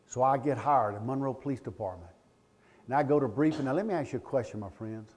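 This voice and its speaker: A man, giving a live training talk as a law enforcement trainer, animated and joking, calling out questions to the crowd. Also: mid-range voice, fast. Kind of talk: live seminar talk to an audience. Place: room with a live audience.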